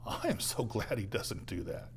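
A man's voice: on the low side, very animated, normal speed, background noise. A man preaching a conversational sermon, often asking "right?" and acting out the voices in a parable. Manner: conversational preaching, acts out quoted voices, tag questions. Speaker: pastor.

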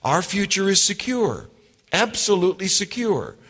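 Male preacher, slightly high voice, unhurried emphatic delivery, long hall reverb. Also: sing-song, fairly bright tone, slightly rough. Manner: slow, deliberate preaching with emphatic repetitions. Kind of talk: sermon.

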